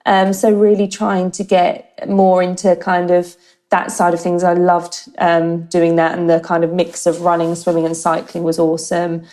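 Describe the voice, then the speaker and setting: Brief English woman, 30s, slightly low voice, chatty guest, um-heavy, video call. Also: monotone, normal speed, mellow. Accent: English, slight Australian lilt. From United Kingdom. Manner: chatty, many fillers like um and yeah. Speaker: guest, marketing director. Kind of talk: casual interview chat.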